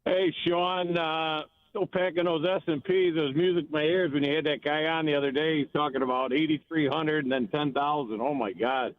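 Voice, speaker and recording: Man, caller, a bit high-pitched, rambling, tinny phone line. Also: fairly even intonation, no echo. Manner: rambling, halting. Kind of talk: phone-in chat.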